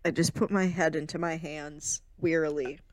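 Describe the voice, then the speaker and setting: A woman co-hosting a podcast over a remote call, quick to react with sarcastic, playful teasing. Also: sits low, steady tone, no room sound. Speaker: podcast co-host. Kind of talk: casual chat. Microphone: remote call mic.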